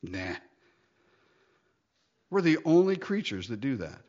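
Lively, laughing male preacher, lo-fi. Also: medium pitch, slow. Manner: animated, laughing often, acting out quotes. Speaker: pastor. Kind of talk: sermon.

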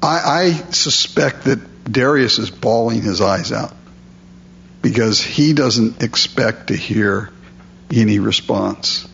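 A man preaching a sermon, reading scripture aloud and then explaining it in a relaxed, conversational way. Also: lowish voice, takes it slowly, gravelly, highs cut off, a little hiss or hum. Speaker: pastor.

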